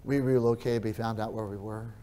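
A male pastor preaching a sermon, repeating his phrases and moving between quiet storytelling and loud, raised preaching. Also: on the low side, steady tone, a little fast.

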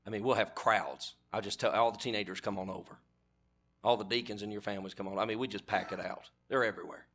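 A middle-aged man preaching a sermon, animated and humorous, acting out characters as he tells the story. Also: fairly low pitch, fast talker, a little hiss or hum.

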